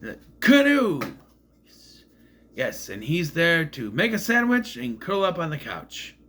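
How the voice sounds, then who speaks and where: A man's voice: on the high side, big pitch swings, normal speed, bright, forceful tone, a little hiss or hum. A man casually recapping a movie in a rambling, musing way, often admitting he is unsure. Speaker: movie reviewer.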